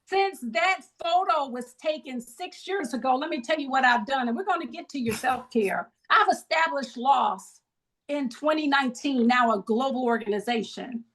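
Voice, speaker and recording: Over video call, a middle-aged grief ministry leader encourages her support group with preacherly call-and-response. She speaks at a moderate pace in a high-pitched, slightly bright voice.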